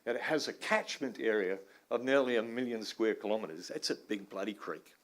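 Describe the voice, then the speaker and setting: A man's voice: lowish voice, fairly quick. Joking Australian-accented man giving a talk. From New Zealand. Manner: joking, informal, swears mildly, bursts into laughing loud asides. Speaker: guest speaker, river science professor. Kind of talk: conference talk. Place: large conference room.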